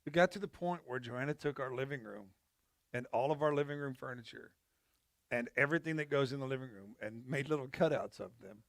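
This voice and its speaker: A man, a pastor, telling Bible stories in a casual, animated chat over coffee. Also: mid-range voice, fairly quick, gravelly, no echo, clean studio sound. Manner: animated storyteller, laughs often.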